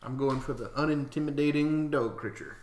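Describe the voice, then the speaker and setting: A man's voice: medium pitch, steady tone, fairly quick, a little hiss or hum. A man playing a tabletop game, describing his character in a playful, laid-back way. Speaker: player. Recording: echoey room.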